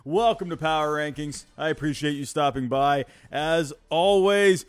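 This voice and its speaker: A man hosting a live sports stream, greeting his chat energetically and stumbling over words when excited. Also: a little high, moderate pace, clear, resonant tone, no echo. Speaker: livestream host.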